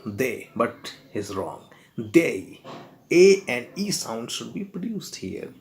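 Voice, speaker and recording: A man gives a pronunciation lesson at a very unhurried pace. He spells each word letter by letter and repeats it several times. A faint hiss sits behind his voice. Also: mid-range voice. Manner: deliberate, spells words out letter by letter and repeats them. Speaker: English pronunciation teacher.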